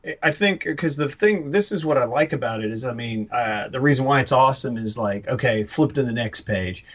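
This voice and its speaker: A man co-hosts a comic book podcast in a casual chat, talking animatedly at a brisk pace and a medium pitch. He acts out lines for emphasis and laughs often.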